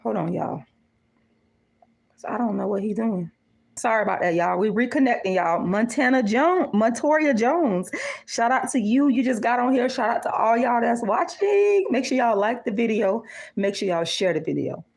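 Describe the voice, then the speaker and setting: A woman's voice: a little high, expressive, moderate pace, vocal fry, darkish tone. A middle-aged woman hosting her livestream, ranting in a profane, repetitive way and greeting viewers. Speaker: livestream host.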